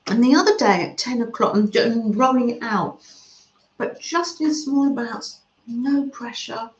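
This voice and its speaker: A woman gently chatting with her livestream viewers and reading their comments aloud, with soft murmurs and coos. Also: on the high side, lively intonation, measured pace. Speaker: craft livestream host. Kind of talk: casual chat reading live comments. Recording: slightly dull sound in an echoey room.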